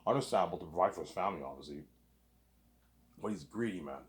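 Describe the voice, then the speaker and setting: Fast-talking low-voiced rambling man. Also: expressive. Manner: repetitive and profane, says 'obviously' a lot. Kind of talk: rambling solo monologue.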